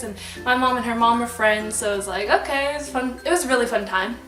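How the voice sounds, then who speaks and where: A young woman from Canada telling a storytime vlog, bubbly and excitable, rambling with lots of fillers. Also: medium pitch, brisk, hardly any pauses. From Alberta, Canada. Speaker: vlogger. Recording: echoey room, slightly distant mic, soft background music. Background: soft background music.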